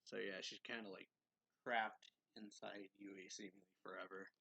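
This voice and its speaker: A man casually recapping a manga chapter as a reviewer, retelling the story in a relaxed way with lots of fillers and little chuckles. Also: fairly low pitch, normal speed, creaky, husky.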